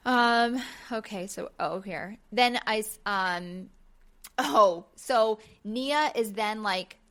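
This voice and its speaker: A woman's voice: mid-range voice, slow. A woman in her thirties co-hosting a casual podcast chat, telling stories with acted-out voices and casual swearing. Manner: animated storyteller, acts out voices, swears casually. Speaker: podcast co-host. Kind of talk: casual chat recapping a reality show.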